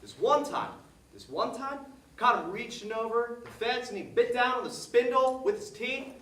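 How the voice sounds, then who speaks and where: A man's voice: very high-pitched, expressive, normal speed, a bit bright. An actor on stage playing a folksy man, telling a rambling story about his dog. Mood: reminiscing. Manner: folksy, rambling, repeats himself. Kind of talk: stage monologue. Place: theater stage. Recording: echoey stage heard from a distance.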